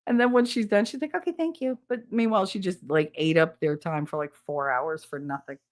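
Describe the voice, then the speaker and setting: A woman's voice: deep voice, fairly even intonation, a little fast. A middle-aged woman, a podcast co-host, telling stories in a casual, candid and profane way, often quoting others. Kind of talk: casual storytelling.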